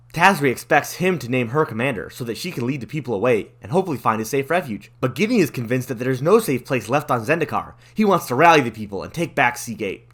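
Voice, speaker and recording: A man's voice: medium pitch, a bit bright. A man and channel host retelling a fantasy card-game story in a casual, jokey manner, full of slang. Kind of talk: casual comedic story recap.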